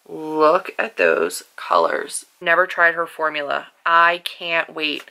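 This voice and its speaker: Young female book vlogger, animated and gushing, crisp bright voice, home bedroom. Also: sits low. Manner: gushing and animated, quick asides, lots of "like". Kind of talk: casual vlog chat.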